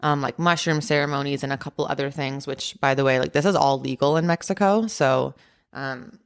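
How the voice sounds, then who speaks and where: Low-voiced woman telling a story. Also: a little fast, clean tone. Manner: chatty, heavy use of "like" and "um" fillers. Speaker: podcast host. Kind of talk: casual personal storytelling.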